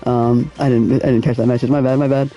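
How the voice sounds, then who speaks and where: A man's voice: medium pitch, little pitch movement, fast talker, warm tone, soft background music. A young man casually talking to his viewers in slangy speech while he plays a racing game. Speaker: gaming streamer. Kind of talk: casual live-stream commentary.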